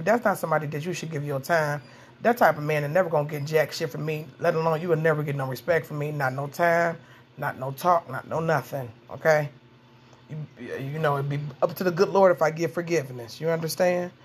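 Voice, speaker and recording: Middle-aged woman hosting a casual advice podcast; blunt, salty delivery that hammers points home, with a faint noise floor. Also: low-pitched. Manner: blunt, profane, repeats phrases for emphasis. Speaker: podcast host. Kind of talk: casual dating-advice monologue.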